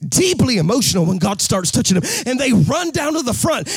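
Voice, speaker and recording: A man preaching a sermon in a rousing, sing-song cadence that swells into shouts. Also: extremely high pitch, very animated, brisk, vocal fry, slightly rough.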